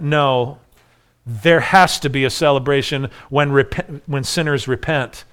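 A man's voice: fairly high pitch, a bit bright, clear, resonant tone. A man preaching an earnest expository sermon, acting out the voices in a parable as he explains it. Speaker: pastor.

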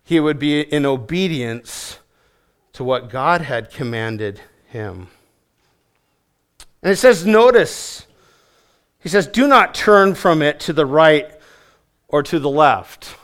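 A man with a high voice delivers a sermon. He pushes hard on key words, repeats phrases for weight and lets his voice sink at the close of each sentence. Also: animated, slow, long pauses, a bit bright, clear, resonant tone. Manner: emphatic preaching, rising on key phrases and dropping low at line ends. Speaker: preacher.

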